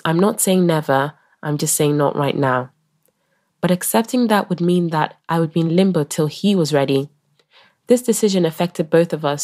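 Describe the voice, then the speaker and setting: A woman's voice: low voice, a little mellow. A young woman hosting her own podcast, sounding nasal from a cold as she shares candid, reflective personal stories. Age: young adult. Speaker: podcast host.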